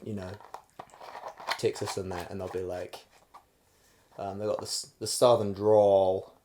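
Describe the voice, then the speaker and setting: A young man from New Zealand with a New Zealand accent, co-hosting a podcast and telling crude comic stories quickly and loosely. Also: sits low, level tone, warm tone, a little hiss or hum. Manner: fast, rambling storyteller, acts out quotes. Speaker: podcast co-host. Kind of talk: crude comedic banter.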